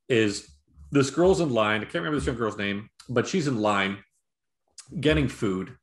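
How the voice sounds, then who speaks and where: Man, casual podcast chat, rambling, profane, lively pitch, roomy sound. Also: moderate pace. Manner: rambling, profane, animated retelling with impressions. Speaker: podcast co-host. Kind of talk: casual chat, movie review. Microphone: video call.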